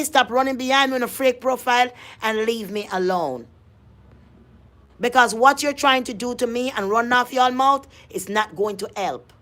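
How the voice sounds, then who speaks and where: A woman's voice: fairly high pitch, fairly bright tone. An adult woman, ranting in a vlog monologue, emphatic and confrontational, often repeating herself. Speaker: vlogger.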